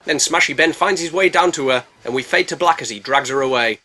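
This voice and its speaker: A man narrates a comedic movie recap into a voice-over mic. His voice sits fairly high and sounds bright and forceful. He keeps up sarcastic jokes and slang throughout. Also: a little fast. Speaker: movie reviewer.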